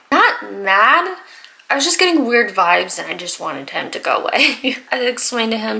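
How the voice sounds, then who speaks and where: A young woman vlogger telling exasperated, animated stories about customers at work in a casual storytime while doing her makeup. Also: on the high side, moderate pace, creaky, poor audio. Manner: exasperated, animated retelling with laughs and sighs. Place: home, getting ready in front of the camera.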